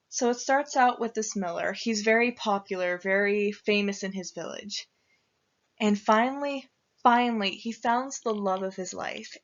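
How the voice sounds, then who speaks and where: A young woman student giving a casual storytelling presentation, chatty and slangy in her retelling. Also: fairly high pitch. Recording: dull lo-fi recording.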